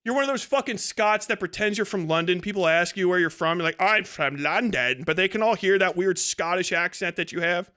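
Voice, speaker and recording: A man's voice: sits high, a little fast, hardly any pauses, pushed and bright, smooth. A man hosting a livestream, delivering a profane and mocking rant, full of swearing and scornful laughter. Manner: mocking, aggressive, swearing constantly. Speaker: livestream host.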